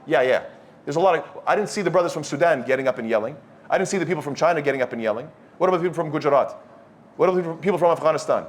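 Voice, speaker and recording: A man with a slightly high voice speaks rapid-fire as he gives a youth study circle a blunt, scolding sermon, quizzing the live audience with questions. Slight background noise can be heard.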